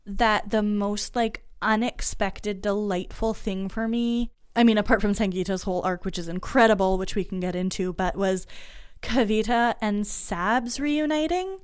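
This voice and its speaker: A woman's voice: medium pitch, normal speed, smooth. A woman co-hosting a casual book discussion, talking in an enthusiastic, emotional, chatty way. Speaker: podcast co-host.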